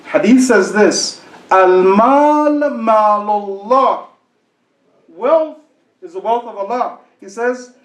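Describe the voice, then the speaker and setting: A man giving a sermon to a congregation, quoting verses and telling a funny story with acted-out voices. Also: high voice. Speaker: sheikh giving a talk. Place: mosque hall with an audience. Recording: echoey hall.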